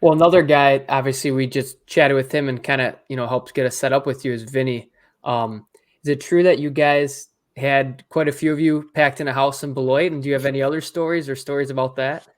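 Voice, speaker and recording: A man hosting a podcast, asking questions in a relaxed, casual way. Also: mid-range voice, a little fast. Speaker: podcast host. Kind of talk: casual interview.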